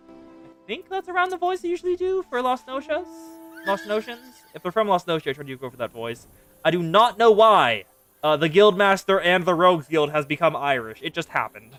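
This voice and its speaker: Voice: medium pitch, expressive, fairly quick, a bit bright, soft background music. A game streamer chatting casually and talking to themself while playing. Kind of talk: casual live gameplay chatter.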